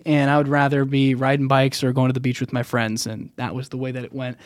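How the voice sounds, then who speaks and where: A man's voice: mid-range voice, completely flat delivery, quick pace, few pauses, clear, resonant tone, no echo, clean studio sound. A young American man telling his personal faith story as a podcast guest, earnest and rambling, with many restarts.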